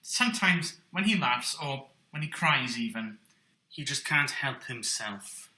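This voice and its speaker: Gentle coaxing male puppeteer host. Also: mid-range voice, animated, unhurried. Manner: gentle, coaxing, addresses children. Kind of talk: children's puppet show presenting. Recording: roomy echo.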